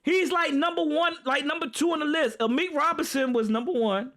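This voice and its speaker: A man hosts a live football reaction stream. His voice sits very high and sounds bright and forceful. He rants, swears and cracks up as he talks straight to his viewers. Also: a little fast. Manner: excitable, profane, laughing and ranting to viewers.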